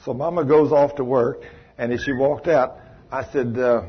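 Folksy preacher man, husky voice. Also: mid-range voice, moderate pace. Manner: folksy, animated, acts out quoted voices. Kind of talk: sermon storytelling. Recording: muffled lo-fi recording.

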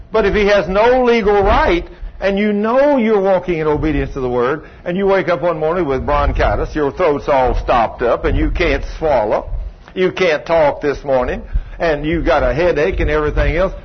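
A man's voice: fairly high pitch, slightly rough. A man preaching a sermon, telling stories and acting out the people in them in a folksy way. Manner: folksy storytelling preacher, acts out dialogue. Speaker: pastor. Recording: dull lo-fi recording with faint hiss.

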